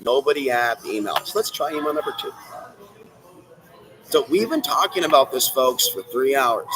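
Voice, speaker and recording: A man hosting a solo livestream, rambling in a ranty way and speaking straight to viewers and the chat, swinging from loud bursts to low muttering. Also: sing-song, fairly quick, poor audio. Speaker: livestream host.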